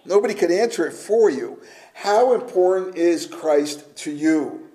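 A man preaching a sermon, emphatic, shifting between loud declarations and hushed, almost whispered lines. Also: sits high, lively intonation, measured pace. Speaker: pastor.

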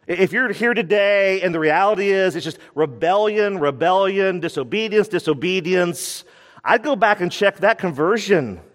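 A man preaching a sermon as pastor, animated and laughing as he acts out the people he quotes. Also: high voice, moderate pace, hardly any pauses. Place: church sanctuary. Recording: church hall reverb.

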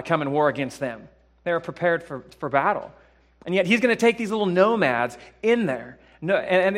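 A man preaching a sermon in a church, dropping to hushed tones and then building to loud, emphatic peaks, with repeated phrases and rhetorical questions. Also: a little high. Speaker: pastor.

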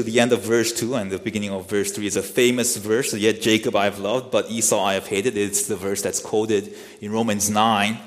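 A man preaching an expository sermon, explaining a scripture passage in an earnest teaching manner and asking rhetorical questions. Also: lowish voice. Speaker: pastor. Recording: long hall reverb.

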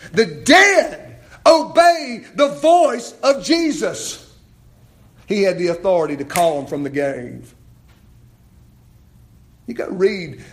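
A man preaching a sermon, building to near-shouts and then dropping low and quiet. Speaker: pastor.

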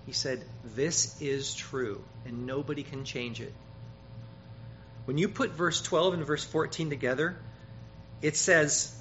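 Brief: male preacher, bright slightly high voice, emphatic sermon delivery, dull lo-fi recording with faint hiss. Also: steady tone, takes it slowly. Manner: emphatic, rises loud on quoted scripture, repeats words.

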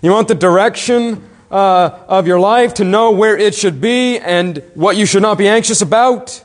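Male pastor, fairly high voice, earnest emphatic sermon, long hall reverb. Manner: earnest, questioning, emphatic preaching with slowed stresses.

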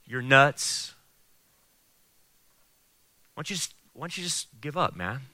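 A man voicing the devil as a low, hushed, taunting whisperer of doubt. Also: lively intonation, takes it slowly, no room sound, heavily acted. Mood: mocking.

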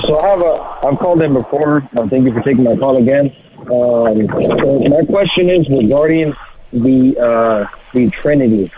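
A man calling into a radio show, asking his question hesitantly with many pauses. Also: mid-range voice, a little hiss or hum. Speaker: caller. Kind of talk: phone-in question. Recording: tinny phone line.

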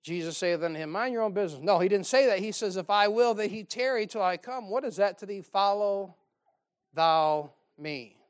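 A man's voice: high-pitched, expressive, normal speed, clean tone. Male preacher, conversational sermon, sarcastic and wry, peppers it with rhetorical questions and scripture reading.

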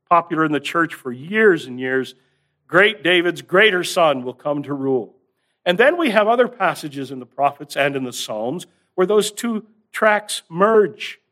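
A man with a slightly higher-than-usual voice preaches a sermon. He teaches in an earnest, steady way. He lifts and slows key phrases for emphasis. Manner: earnest, builds emphasis with rising stress and drawn-out words.

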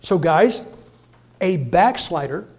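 Older male preacher, 60s, high voice, folksy humor, swings from quiet asides to loud bursts. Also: animated, slow pace. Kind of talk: sermon.

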